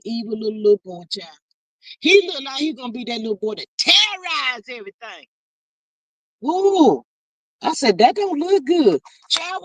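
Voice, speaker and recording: A woman hosting a livestream, reading viewer comments aloud in animated, gossipy chat and calling out to y'all. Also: high voice, no room sound. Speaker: livestream host.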